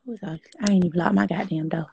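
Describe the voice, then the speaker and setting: A woman hosting a casual phone livestream, talking loudly and profanely in a rambling way. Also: on the low side, fairly even intonation, quick pace, gravelly, breathy edge, muffled recording. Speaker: livestream host.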